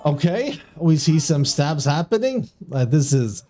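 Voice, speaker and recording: A man's voice: a little high, big pitch swings, a little slow, mellow. A man streaming live video game commentary on a community tournament, often breaking into giggling fits and tripping over his words. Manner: trips over his words and restarts when flustered.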